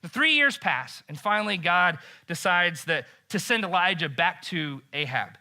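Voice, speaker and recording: A male pastor with a fairly high voice and a very bright, sharp tone. He retells a scripture story like a casual chat, animated and joking, with "like" dropped in all the time. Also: normal speed. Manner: animated and joking, heavy use of "like".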